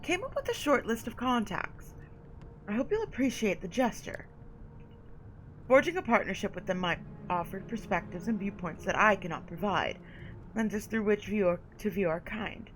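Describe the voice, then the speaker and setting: A woman's voice: medium pitch, animated, moderate pace, soft background music, natural voice, poor audio. A woman voicing a haughty, condescending female vampire sire, reading game dialogue aloud with drawled endearments.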